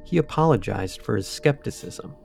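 Gravelly man rambling through a ghost story. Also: mid-range voice, expressive, moderate pace, a little mellow, faint music behind. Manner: loose and rambling, with asides and fillers. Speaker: podcast co-host. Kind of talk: casual chat, retelling a ghost story.

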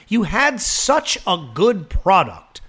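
A man's voice: sits high, slow, slightly rough. A man co-hosting a podcast, ranting casually with lots of swearing. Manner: profane, animated ranting. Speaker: podcast co-host. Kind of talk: casual chat.

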